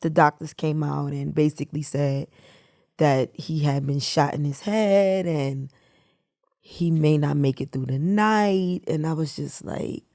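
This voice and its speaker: A middle-aged woman, the host's mother, telling a painful personal story in a reflective, soft-spoken way. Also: deep voice, a little slow, dry recording, clean studio sound. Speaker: guest, mother of the host. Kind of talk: emotional personal recollection.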